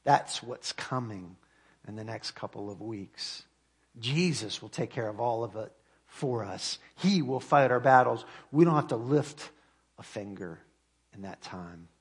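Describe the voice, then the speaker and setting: A man's voice: medium pitch, expressive, slightly rough. Earnest male pastor preaching. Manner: earnest preaching, reads scripture aloud with rising emphasis; slows and drops to quiet at phrase ends. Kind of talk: sermon.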